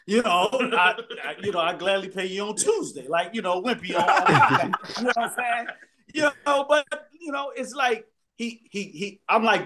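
High-voiced man joking with friends. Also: animated, normal speed, bright, forceful tone. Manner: loose, joking, profane storytelling. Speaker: podcast co-host. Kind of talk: casual banter among friends.

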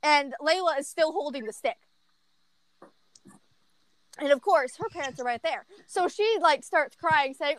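A woman in a casual storytime chat, rambling through an animated story and often giggling. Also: high voice, a little slow, pauses often. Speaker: vlogger telling a story.

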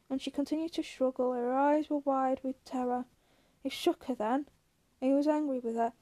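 A woman reading a novel aloud in a steady, unhurried storytelling manner. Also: high voice, no echo. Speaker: reader.

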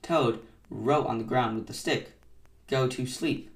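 A man hosting a bedtime story podcast, reading aloud gently in a soothing, unhurried style. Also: mid-range voice, roomy sound, distant mic.

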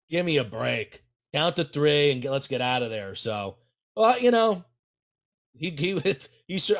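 Gravelly guy on a podcast, kinda high voice, cocky and loud-mouthed, roasting everybody. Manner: brash, boastful trash talk. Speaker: wrestling manager and podcast regular. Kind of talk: casual podcast chat.

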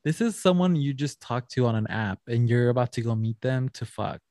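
A man's voice: mid-range voice, lively intonation, a little fast, warm tone, no room sound, studio quality. A young man co-hosting a casual chat podcast, with sassy, playful remarks. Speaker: podcast co-host.

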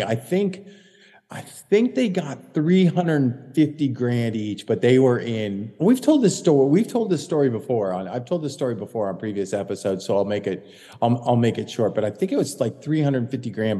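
Dark-voiced man telling a rambling story. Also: medium pitch, big-room sound. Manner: rambling storyteller, self-correcting. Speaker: podcast co-host, caddie. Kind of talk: casual chat.

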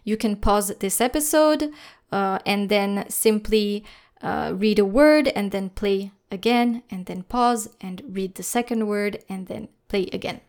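A woman teaching French pronunciation in a lesson, speaking slowly and carefully, spelling out letters and repeating each sound. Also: mid-range voice, a little mellow. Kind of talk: scripted lesson narration.

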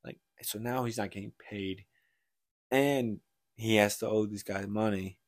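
Guy on a book podcast, lowish voice, retelling a plot loosely, dry close sound. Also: steady tone, a little slow, dry recording. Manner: rambling retelling full of "like" and restarts. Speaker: podcast co-host. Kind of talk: casual book chat.

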